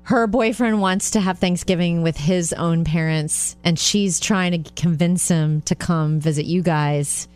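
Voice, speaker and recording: A woman co-hosting a radio show, chatting casually and reacting quickly. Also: lowish voice, darkish tone. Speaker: radio co-host.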